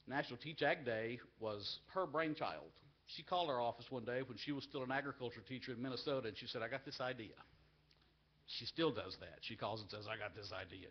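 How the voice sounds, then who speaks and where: A man's voice: medium pitch, highs cut off. A man leading an agricultural education group gives an earnest, heartfelt speech at a live university event. He gets emotional and repeats phrases for emphasis. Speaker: agricultural education association leader giving a speech.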